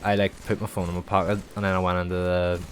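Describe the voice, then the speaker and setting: A man's voice: low-pitched, little pitch movement, quick pace, slight background noise. A young man streaming, chatting in a loose, rambling way, swearing freely and filling every gap with "like". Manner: sweary, rambling, heavy use of filler "like". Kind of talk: casual rambling chat.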